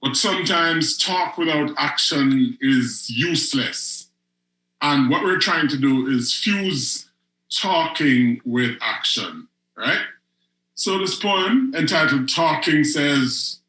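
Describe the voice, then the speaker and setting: A man hosting an online poetry show, reading his own spoken word poems in a slow, emphatic delivery that leans into repetition. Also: on the high side, expressive, bright, forceful tone, roomy sound, low-quality recording. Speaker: host and poet.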